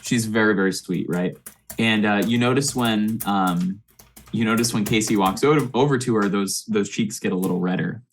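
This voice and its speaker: A man's voice: lowish voice, normal speed. A man narrating as game master of a tabletop game, laid-back, with many fillers and restarts.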